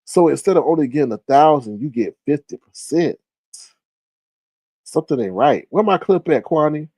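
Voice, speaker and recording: A man in a lively, casual livestream chat, his fairly high voice swinging up and down as he reads out viewer comments. The sound is dry and close with no room around it. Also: moderate pace, no room sound. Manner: animated, chatty, reads viewer comments aloud. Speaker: livestream host. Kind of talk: casual live-stream commentary.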